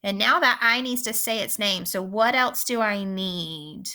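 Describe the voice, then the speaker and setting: Woman teacher doing a phonics video, bright voice, slow clear delivery, says every word twice. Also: mid-range voice. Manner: slow, clear instructional pacing with repeated words. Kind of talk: recorded phonics lesson.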